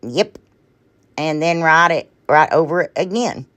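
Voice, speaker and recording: Low-voiced chatty woman showing crafts. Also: measured pace, fairly bright tone. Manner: rambling, chatty, often trails off and apologizes; addresses viewers as y'all. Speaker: DIY crafting channel host. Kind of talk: casual craft tutorial narration.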